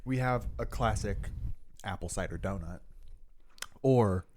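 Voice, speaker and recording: A man's voice: lowish voice, a little slow, darkish tone, slight background noise. A man hosting a podcast in casual chat, rambling and leaning on filler words. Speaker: podcast host.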